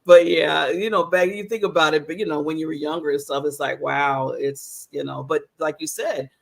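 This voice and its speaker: A woman's voice: low voice, fairly even intonation, normal speed, gravelly. A woman in her fifties, a talk show host, chatting openly and laughing often with her guest. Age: 50s. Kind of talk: casual interview chat.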